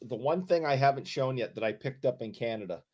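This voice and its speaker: A man's voice: medium pitch, animated, a little fast, darkish tone. A man co-hosting a podcast, telling a story in casual chat with a sheepish, stumbling delivery. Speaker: podcast co-host.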